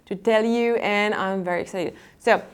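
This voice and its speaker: A woman's voice: medium pitch, steady tone, moderate pace, a little hiss or hum. French-accented woman in her twenties vlogging. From France. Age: 20s. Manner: chatty, apologetic, laughs often, repeats herself. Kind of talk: casual unboxing vlog talk.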